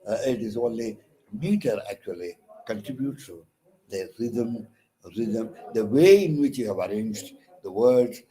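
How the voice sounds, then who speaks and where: Fairly low in pitch, mellow and expressive, a little slow: that's the voice of this counsellor who teaches English literature. With an Indian English accent, he gives a hesitant online lecture on poetic meter, full of fillers and restarts, stressing syllables as he reads examples.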